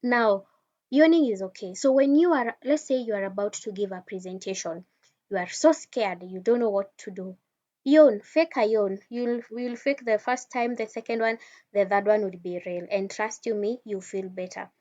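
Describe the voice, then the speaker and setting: A woman's voice: mid-range voice, moderate pace, darkish tone. A woman giving an informal wellness teaching talk, speaking straight to the listener in a conversational way with frequent restarts. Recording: dull lo-fi sound.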